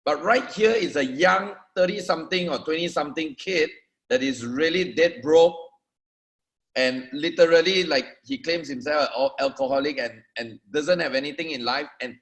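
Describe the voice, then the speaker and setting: A man with a somewhat high voice leads a motivational training. He is emphatic and talks straight to his listeners, repeating words as he drives each point home. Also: normal speed, a bit bright. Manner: emphatic, addresses the audience directly with repetitions. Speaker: network marketing trainer.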